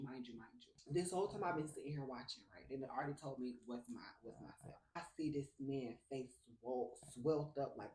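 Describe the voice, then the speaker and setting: Chatty young man telling a story, echoey room. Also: medium pitch. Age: young adult. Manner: animated, chatty, addresses viewers as baby and y'all. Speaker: vlogger telling a personal story. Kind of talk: storytime vlog, casual chat. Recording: roomy echo.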